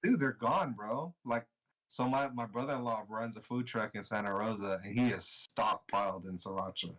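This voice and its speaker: A young man co-hosting a podcast in relaxed, slangy chat, laughing often and swearing freely. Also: on the low side, moderate pace, poor audio. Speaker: podcast co-host. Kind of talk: casual chat.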